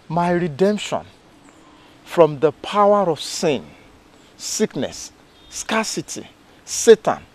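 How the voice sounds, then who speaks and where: A man's voice: sits high, exaggerated voice. A man playing a devoted believer who earnestly declares his faith.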